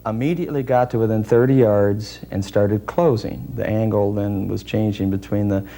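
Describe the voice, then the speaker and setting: A man being interviewed as a deer calling expert, explaining in a measured, technical way with frequent pauses and hesitations. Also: on the low side, fairly even intonation, noisy background.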